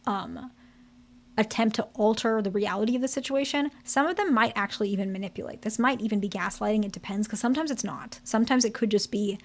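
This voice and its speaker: A woman's voice: mid-range voice, fast talker. A candid therapist woman explaining things. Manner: conversational, checks in with "okay?" and "right?"; candid, direct. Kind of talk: explaining to camera.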